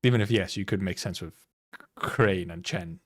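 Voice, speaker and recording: A young man streaming a video game, thinking out loud with playful, swearing, laughing casual commentary. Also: deep voice, normal speed.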